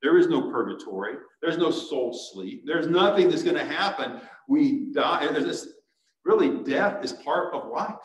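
A male pastor with a slightly high, animated voice preaches a little slowly, earnestly building to urgent exhortation. He's in a church sanctuary, recorded from a distance with an echoey sound.

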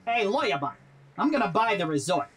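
A slick, scheming robot crook, voiced by a woman for a game, breezy and self-assured as he spins his schemes. His voice rides up and down with lively, animated swings in pitch. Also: a little fast, background noise, close to an everyday voice. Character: smooth-talking crooked robot businessman, scheming. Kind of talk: game character dialogue.

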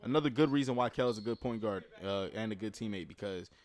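A man reacting to a streetball game, giving casual commentary with slang and sudden loud outbursts. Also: on the low side, quick pace. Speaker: reaction streamer commenting on basketball.

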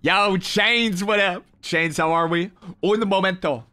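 A man's voice: sits high, unhurried, sharp tone, faint music behind. A young man livestreaming a mobile game, reading his chat aloud with hyped, playful, slangy banter. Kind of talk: live gaming stream, reading chat.

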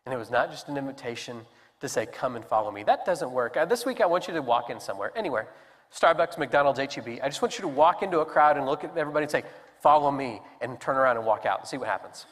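A man preaching a sermon as pastor, telling the story with animated voices for the characters. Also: mid-range voice, rapid-fire. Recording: long hall reverb.

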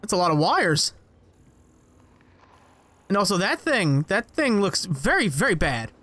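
A young man commentating his gameplay, excitable and sarcastic, swearing and talking back at the game. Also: high-pitched, measured pace. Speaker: let's play gamer.

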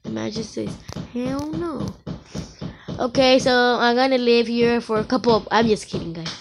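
A woman giving casual commentary while playing an online game, excitable and full of exclamations. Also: a little high, brisk, gravelly, soft background music. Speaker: gamer.

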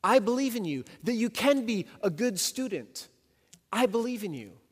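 A man voicing Jesus as a gentle, encouraging male teacher who offers repeated reassurance. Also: fairly high pitch, expressive, normal speed. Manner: warm, repetitive reassurance. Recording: long hall reverb.

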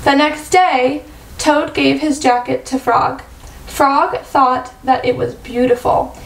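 A woman teacher reads a picture book aloud to young children, slow and clear with a high voice. Her voice echoes around the room, picked up from a mic some distance away. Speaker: first grade teacher.

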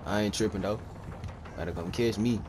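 A young man giving live gameplay commentary, excitable and trash-talking, repeating phrases quickly as he plays. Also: fairly low pitch. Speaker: gaming video creator. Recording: steady clear background noise.

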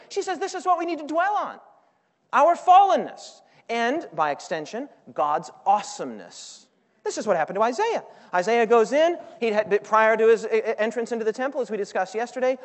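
Male preacher, high voice, dynamic sermon delivery with call-outs to the congregation, long hall reverb. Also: sing-song, moderate pace. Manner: dynamic, swings between loud and quiet; asks the audience for responses. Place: large hall with audience.

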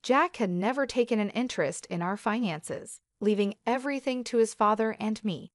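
A woman narrating a first-person drama story in a steady, even delivery. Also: a little high, normal speed, dry recording, studio quality.

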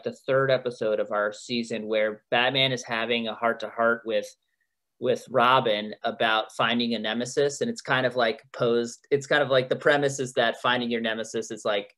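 A man's voice: mid-range voice, fairly bright tone. Chatty laughing male showrunner guest. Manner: chatty, laughing often, many restarts. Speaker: TV executive producer and head writer. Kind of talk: casual podcast interview.

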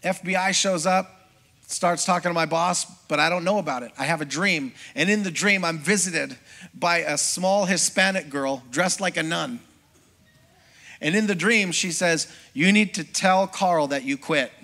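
A middle-aged man, a pastor, preaching a sermon as a lively personal testimony and acting out the voices of people in his story. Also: a little high, moderate pace. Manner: storytelling, acts out quoted voices, conversational with congregation.

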